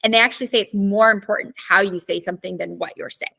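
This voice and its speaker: A woman's voice: mid-range voice, fairly even intonation, quick pace, creaky, pushed and bright. A woman teaching an online class in a conversational way, often checking in with her students.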